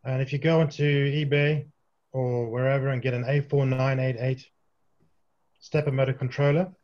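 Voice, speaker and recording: A man from the UK answering questions after his talk on a video call, chatty and relaxed with many restarts. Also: medium pitch, moderate pace, dull audio. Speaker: guest presenter.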